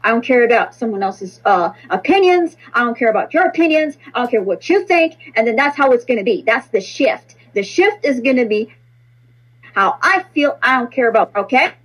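A woman's voice: fairly high pitch, animated, brisk, poor audio. A woman reader and podcast host speaking in a blunt, repetitive, profane monologue. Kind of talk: casual spoken monologue.

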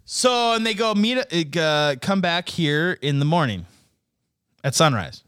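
A young man telling a story in casual chat, animated and profane, laughing a lot and acting out what people said. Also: a little high, slow pace, clean tone, dry recording, studio quality. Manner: animated, swearing, laughing often, acting out quotes.

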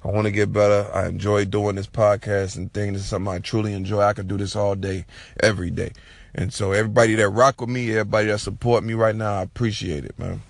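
A man's voice: lowish voice, flat delivery, fast talker, creaky, no echo. A man hosting a solo podcast, talking in a casual, slangy, profane and rambling way. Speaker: podcast host.

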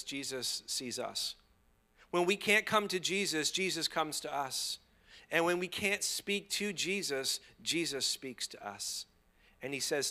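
A man preaching a sermon, drawing the congregation into call-and-response and moving between hushed, slow passages and loud, rising ones. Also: medium pitch, faint music behind. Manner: playful asides to the audience. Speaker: pastor.

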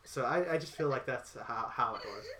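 A man's voice: medium pitch, animated, brisk, pushed and bright, a little hiss or hum. Rambling man acting out his own story. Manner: rambling, acts out quoted dialogue. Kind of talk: casual chat.

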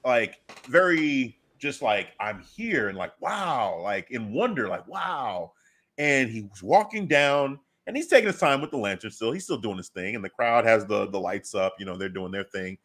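A man in casual podcast chat, excitedly retelling a wrestling segment and acting out his own reactions. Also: fairly low pitch, normal speed, hardly any pauses.

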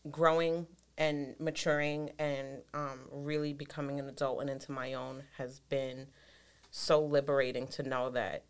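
Low-voiced woman, reflective podcast co-host. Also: little pitch movement, a little slow, clear, resonant tone. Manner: reflective, probing, affirming. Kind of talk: casual chat.

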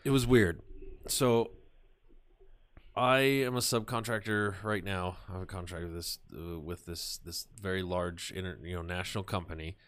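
A man with a lowish voice spins a loose, profane anecdote on a podcast. He drops into quick impressions of the people he describes and swears freely. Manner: profane, animated storyteller who acts out voices. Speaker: podcast talker. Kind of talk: casual podcast chat.

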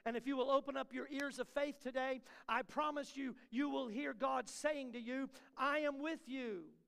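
Guy preaching in a big church, really high voice, gravelly, lots of hall echo, builds refrains then goes quiet. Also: fairly even intonation, moderate pace. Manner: preaching in rising, repeated refrains, dropping to soft asides. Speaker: pastor. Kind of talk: sermon. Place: church sanctuary. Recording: long hall reverb.

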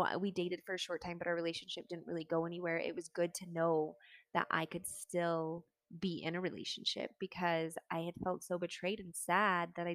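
Young woman, low gravelly voice, candid personal story, dry close sound. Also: dry recording. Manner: candid, earnest, with fillers like "like" and "um". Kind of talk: personal story, casual talk.

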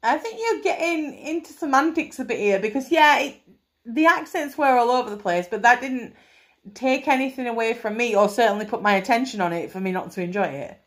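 A woman's voice: fairly high pitch, lively intonation, brisk, fairly bright tone. A woman co-hosting a casual film review podcast, enthusiastic and sweary. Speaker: podcast co-host.

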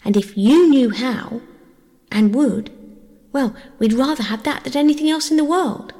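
A woman's voice: sits high, unhurried, mellow, pitched above the performer's own voice. A woman voicing an earnest, polite young girl who pleads eagerly, heard in a long reverb. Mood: pleading.

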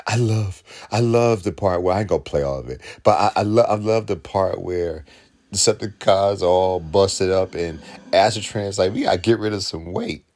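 A man giving an excited, emotional reaction commentary while watching a film. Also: low voice, normal speed. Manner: emotional, exclaiming, laughing often. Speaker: reaction video host.

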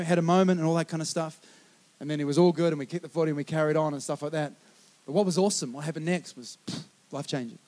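Aussie pastor guy, pretty high voice, tells stories and acts out the bits, keeps saying come on. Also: fast. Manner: animated storyteller, acting out quotes, exhorting with "come on". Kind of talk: sermon with personal story.

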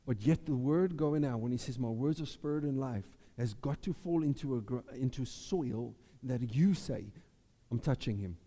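Male pastor, dark mellow voice, animated sermon, reverberant hall. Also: medium pitch, normal speed, hardly any pauses. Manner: animated preaching, acting out Bible voices. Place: church.

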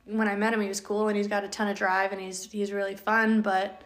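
A woman's voice: medium pitch, flat delivery, a little fast. Blunt, swearing woman podcast host. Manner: blunt, swears freely, storytelling. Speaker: podcast host, dog owner. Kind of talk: casual podcast chat.

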